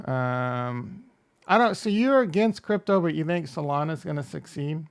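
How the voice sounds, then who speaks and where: A man's voice: fairly high pitch, normal speed, vocal fry, clear, resonant tone. A man hosting a casual crypto livestream, rambling and joking as he reacts to chat and runs through coin prices. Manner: rambling, jokey, self-deprecating, reads chat aloud.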